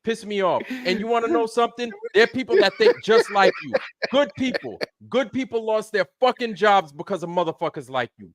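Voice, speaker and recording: High-pitched guy ranting mad, swearing a lot, dry close sound. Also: lively intonation, brisk, no room sound. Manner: angry, repetitive, swears often. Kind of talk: heated profane rant.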